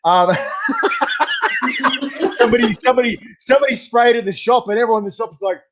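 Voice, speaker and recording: A man's voice: very high voice, a little fast, highs cut off, heavy background noise. A man hosting a casual chat, telling stories with animation and frequent laughter. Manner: animated storyteller, laughs often. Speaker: host.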